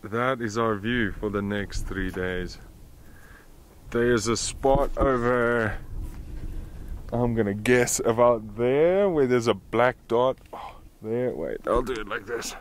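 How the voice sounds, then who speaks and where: A young man chatting casually to his camera for a travel vlog at an outdoor bush campsite, joking and relaxed as he narrates. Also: mid-range voice, slow pace. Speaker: vlogger.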